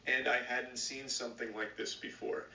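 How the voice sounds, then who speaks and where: A man's voice: mid-range voice, flat delivery, moderate pace. A man streaming and reacting to videos, giving sarcastic, profane commentary. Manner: sarcastic, swears often. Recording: roomy, distant, noisy mic.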